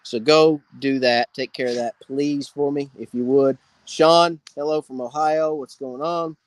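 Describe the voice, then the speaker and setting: A man's voice: mid-range voice, steady tone, a little slow, no room sound. A man hosting a casual live fishing Q&A, greeting viewers by name. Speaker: fishing channel host. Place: outdoors by a campfire.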